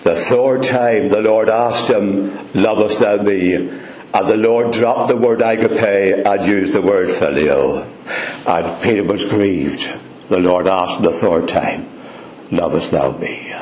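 A man's voice: on the low side, slow, a little mellow, slight background noise. A man preaching a sermon, addressing the congregation by name with fervent, repeated emphasis. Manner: speaks directly to congregation members by name. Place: church hall before a congregation. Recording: roomy hall echo.

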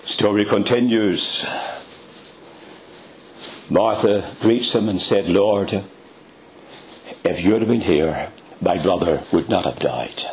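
A man preaching a sermon in a dramatic, emphatic way, with sudden rises in pitch. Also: slow pace, long pauses, a little hiss or hum.

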